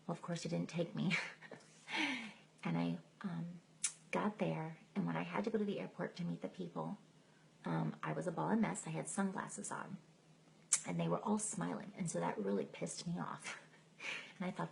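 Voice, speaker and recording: A middle-aged woman tells her own story live, candid and emotional, often laughing at herself. Her voice is rough with heavy vocal fry and sits a little low. A faint hiss runs under the stream. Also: steady tone, moderate pace, pauses often, poor audio. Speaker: speaker sharing her testimony. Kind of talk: personal testimony told live. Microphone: phone or computer mic on a live stream.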